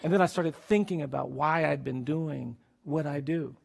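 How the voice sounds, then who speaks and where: Gravelly, husky man giving an earnest speech. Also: a little high, moderate pace. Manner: earnest, grave, builds to quiet intensity. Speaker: lawyer and public speaker. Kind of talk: emotional storytelling speech.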